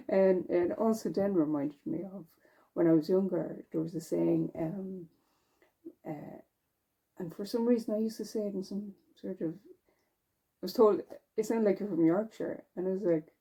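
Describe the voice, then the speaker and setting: A woman knitting vlogger chats casually while she knits, her fairly low, mellow voice carrying vocal fry and a breathy edge. She speaks at a measured pace with long pauses, rambling between thoughts with fillers and self-corrections.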